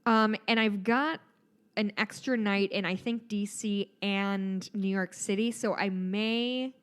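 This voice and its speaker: Woman, 30s, podcast co-host, casual chat, rambling, lots of fillers, middle pitch. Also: fairly even intonation, slow pace, a bit bright, smooth. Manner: rambling and chatty, laughing, with many fillers.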